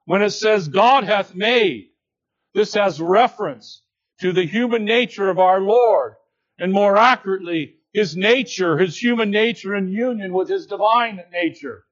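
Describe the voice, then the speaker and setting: The sound is lo-fi as a man works through an expository sermon, deliberate and unhurried, his voice dropping to a hush and then climbing to emphatic lines.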